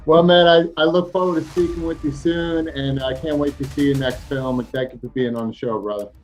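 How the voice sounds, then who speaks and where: A man's voice: a little high, fairly even intonation, brisk, soft background music. A man with a Brooklyn accent hosting a casual, upbeat video-call interview, calling his guests brother. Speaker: interview host.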